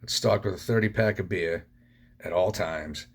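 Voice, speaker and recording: A man's voice: sits low, moderate pace, creaky, slightly rough. A man hosting a podcast, telling his own recovery story in a blunt, profane way. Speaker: podcast host.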